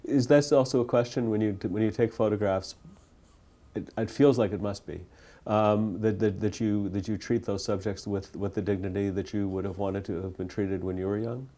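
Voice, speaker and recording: Low, mellow male interviewer. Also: steady tone, moderate pace. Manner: hesitant, searching questions. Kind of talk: interview questions.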